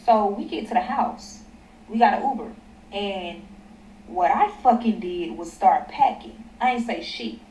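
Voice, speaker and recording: A woman's voice: mid-range voice, lively intonation, a little slow, warm tone. Give me a young woman telling a story bluntly, recorded from a distance with faint background noise. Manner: blunt, heavy swearing, emphatic. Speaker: storyteller in a clip being reacted to. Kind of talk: profane storytime rant. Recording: echoey, distant mic with faint ambience.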